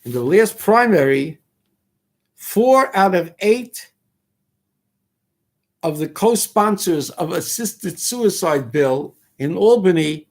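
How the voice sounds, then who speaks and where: A man's voice: high voice, expressive, slow pace, pauses often, a little mellow. A man hosting a talk show, delivering an emphatic, preachy political monologue full of rhetorical questions and Hebrew and Yiddish terms. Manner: rhetorical questions, mimics critics' voices. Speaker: radio talk host.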